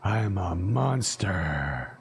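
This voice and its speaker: A man voicing a bitter young creature who calls himself a monster, speaking low and hushed with resentment. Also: very animated, slow pace, creaky, exaggerated voice. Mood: brooding.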